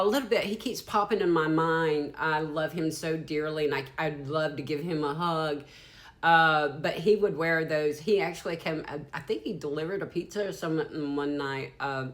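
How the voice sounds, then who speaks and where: A woman in her fifties with a Southern US accent, giving a rambling, frank and sometimes profane channeled tarot reading. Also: low-pitched. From Deep South, USA. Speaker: psychic tarot reader.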